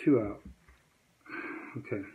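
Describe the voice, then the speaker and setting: A man's voice: slow, narrow, tinny audio, slight background noise. Worked-up guy ranting to his camera, rambling, acting out what people said, sounds like it's over a phone. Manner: agitated, rambling, acts out quoted dialogue. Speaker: vlogger. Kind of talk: heated storytelling to camera.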